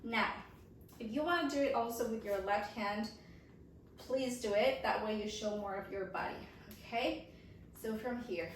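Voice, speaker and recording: A woman's voice: a little high, moderate pace, a little hiss or hum. Echoey woman teaching dance, counting beats. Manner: encouraging, counting beats aloud, checking in with okay and yeah. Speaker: dance instructor. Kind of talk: dance class instruction with counting. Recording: echoey room, voice from far off the mic.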